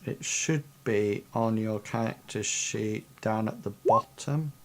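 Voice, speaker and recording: A man's voice: on the low side, slow pace. A man narrating a fantasy tabletop game as game master, rambling with many fillers. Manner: rambling, many ums and sort-of-likes.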